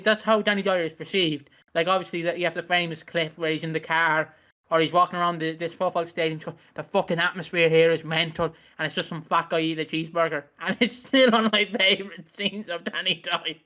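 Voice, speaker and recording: A man's voice: on the high side, steady tone, fast, sharp tone. A man co-hosting a podcast in casual chat, rambling and joking with lots of swearing. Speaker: podcast co-host.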